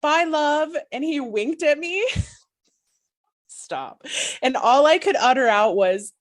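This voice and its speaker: A woman's voice: high voice, sing-song, takes it slowly. Giggly gushing woman telling a story. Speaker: podcast co-host. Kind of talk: excited storytelling chat.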